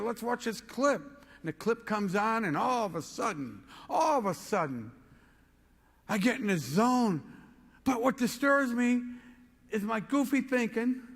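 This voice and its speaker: A man giving a motivational keynote speech, telling an excitable story and rising to shouts. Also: very high voice, vocal fry, in a large hall. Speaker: motivational speaker.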